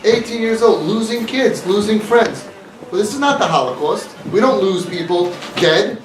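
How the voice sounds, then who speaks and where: A man's voice: high-pitched, lively intonation, moderate pace. A man giving an earnest, emphatic talk to an audience, repeating his points, recorded from a distance. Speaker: inspirational speaker. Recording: echoey room, mic far off, faint noise.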